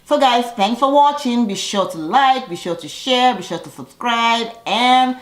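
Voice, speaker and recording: A woman chatting casually as she recaps a reality TV episode, sassy and full of quick asides. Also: on the high side, animated, roomy sound, poor audio.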